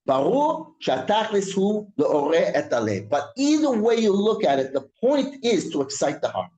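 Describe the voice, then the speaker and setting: Man teaching a lively Torah class. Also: high-pitched, reverberant, rough recording. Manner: reads Hebrew quickly, then explains it in English with repetitions and restarts. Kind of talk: Torah class, reading Hebrew text and translating. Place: synagogue room.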